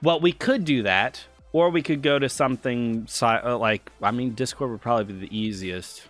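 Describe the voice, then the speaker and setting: This game master and streamer has a medium-pitched, fairly bright voice and talks at a moderate pace over soft background music. Running a tabletop game on a relaxed livestream, he rambles, stammers and restarts, and is constantly sidetracked.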